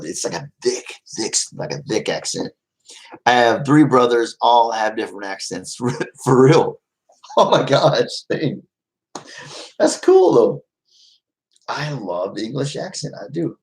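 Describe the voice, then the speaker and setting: A man's voice: medium pitch, very animated, a little slow, poor audio. A man chatting casually with his live-stream viewers, easygoing and rambling, often laughing. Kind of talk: casual livestream chat.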